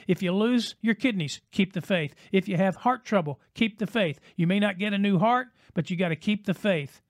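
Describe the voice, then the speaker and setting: A man preaching a broadcast sermon, with rhythmic repetition, dramatic pauses and swings between loud and hushed delivery. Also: high voice, dry recording, studio quality. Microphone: broadcast mic.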